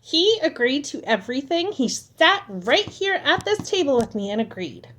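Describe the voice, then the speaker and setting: A young woman vlogger sits at a table at home, venting casually to the camera as she retells an argument with frustration and exasperation. Her high voice is very animated and fairly bright, delivered at a normal speed.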